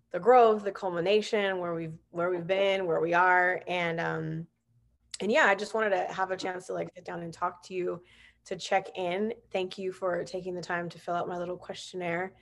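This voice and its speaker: Woman, podcast host; easy chatty delivery, slightly low pitch. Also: fairly even intonation, moderate pace. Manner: chatty, laughing, many "like" fillers. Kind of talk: casual video-call interview.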